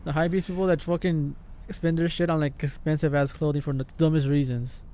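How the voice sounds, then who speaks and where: A man's voice: on the high side, fairly even intonation, brisk, dark tone. An American man co-hosting a casual podcast chat, bantering with lots of swearing. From United States. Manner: profane, laughing banter. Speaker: podcast co-host.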